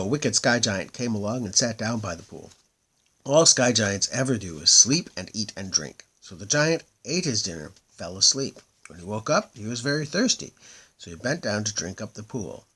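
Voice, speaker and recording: A man's voice: on the low side, sharp tone, husky, exaggerated voice. A man voicing the helpful moon people, who chatter and explain eagerly in a storybook reading.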